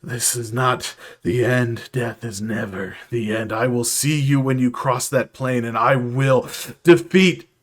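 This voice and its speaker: A man voicing a defeated male angel who makes slow, measured, vengeful threats. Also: mid-range voice, steady tone, lightly acted. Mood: scornful.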